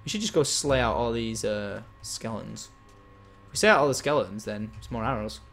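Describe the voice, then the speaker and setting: A man giving excitable live gameplay commentary as a game streamer, chatting with and thanking his viewers. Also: lowish voice, brisk, soft background music.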